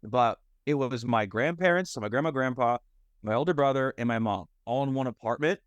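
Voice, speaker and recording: Speaking at a fairly quick clip in a mid-range voice, this young American fitness and mindset coach rambles through his life story on a podcast, leaning on "like" and "you know." The audio is lo-fi with no room sound.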